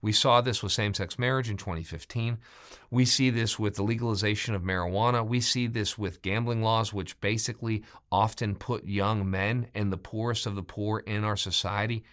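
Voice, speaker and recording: A middle-aged man preaching a sermon as pastor. He gets more animated, louder and higher when he quotes scripture or speaks for someone. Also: normal speed. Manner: animated, rising in pitch and volume when quoting scripture.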